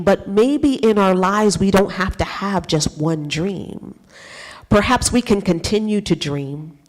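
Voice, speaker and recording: A woman giving a talk as a guest speaker, telling a personal story with lively acted-out thoughts and frequent laughs. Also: fairly low pitch. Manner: animated, acts out her own past thoughts; laughs often between phrases.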